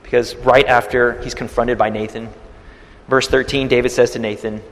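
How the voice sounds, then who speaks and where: A male pastor preaching a sermon, retelling a scripture story with swings between quiet and loud. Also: medium pitch, little pitch movement, moderate pace, long reverb tail.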